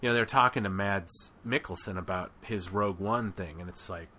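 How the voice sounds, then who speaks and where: A man co-hosts a casual podcast chat, his voice bright and forceful while sitting a touch low. He rambles loosely, filling his thoughts with fillers and quick asides. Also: a little hiss or hum. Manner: rambling, filler-heavy, animated. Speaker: podcast co-host.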